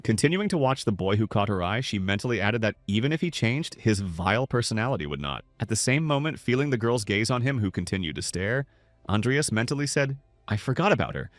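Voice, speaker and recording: A man's voice: fairly low pitch, animated, fairly quick, no room sound. A man narrating a scripted story recap.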